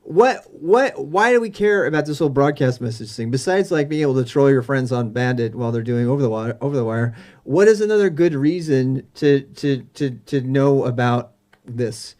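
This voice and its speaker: A man's voice: mid-range voice, expressive, normal speed, darkish tone. A man casually teaching terminal commands on a live stream, rambling and restarting his sentences. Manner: rambling, restarts often, chuckles between points.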